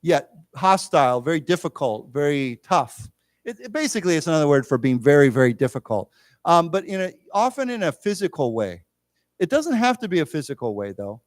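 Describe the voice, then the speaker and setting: A man in a library lecture room leads an English vocabulary lesson, explaining each word at a patient pace and having the class repeat it back. His voice sits a little high for a man, and the sound is close and dry. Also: very animated, brisk, dry recording. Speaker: English teacher.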